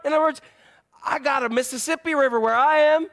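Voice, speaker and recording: A high-voiced man preaching in a church, lively and playful, leaning on repetition and questions to the congregation. His voice runs from soft and low to loud, bright bursts. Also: fairly quick. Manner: animated, playful, repeats phrases. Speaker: pastor. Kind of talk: sermon.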